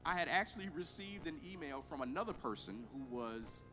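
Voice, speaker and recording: A man, a pastor, preaching a lively storytelling sermon, acting out both sides of the conversations with emphatic delivery. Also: fairly high pitch, a little fast, over music.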